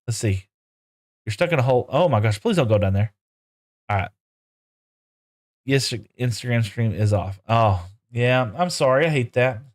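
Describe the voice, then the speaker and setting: A man's voice: medium pitch, animated, normal speed, long pauses. A man live-streaming a game, chatting casually with viewers and coaxing his in-game horses in playful broken talk.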